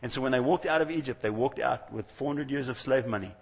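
A man with a husky voice preaches a sermon in a loose, conversational storytelling manner. He slips into the voices of the people he quotes. His words ring out with a long reverb, as if in a large church hall. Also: mid-range voice, fast talker.

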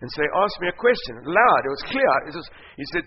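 A middle-aged man preaching a sermon as pastor, emphatic, swinging from loud declarations to quiet asides. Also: a little high, expressive, fast, hardly any pauses. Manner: emphatic preaching, rising loud then dropping soft. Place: large church hall. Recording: dull muffled sound with long reverb and faint noise.

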